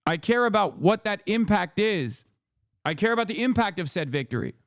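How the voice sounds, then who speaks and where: High-voiced man ranting heatedly, dry sound. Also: lively intonation, moderate pace, no echo. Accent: American. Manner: heated, profane, repetitive ranting. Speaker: political streamer. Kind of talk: ranting commentary.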